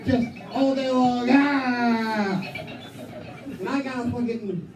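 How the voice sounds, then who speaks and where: A man in his thirties doing a crude, self-mocking stand-up set with heavy swearing, often breaking into loud acted-out quotes of himself. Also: very high-pitched, fairly even intonation, moderate pace. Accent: New England. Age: 30s. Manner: acts out his own voice in loud quoted asides. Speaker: stand-up comic. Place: small comedy club stage. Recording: roomy club sound from a distance. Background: live music and crowd.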